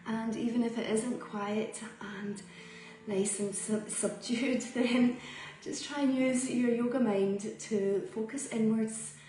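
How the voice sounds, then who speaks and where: A woman guiding a yoga and breathing practice, speaking slowly and soothingly with long pauses between cues. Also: a little high, slight background noise. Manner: slow, calm, soothing guidance with long pauses. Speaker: yoga teacher. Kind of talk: guided yoga and breathing instruction. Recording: roomy echo, voice from a distance.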